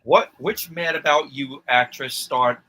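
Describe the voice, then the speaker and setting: A man's voice: mid-range voice, measured pace, pushed and bright, rough recording. A man acting as quizmaster, reading trivia questions in a plain, matter-of-fact way during casual chat.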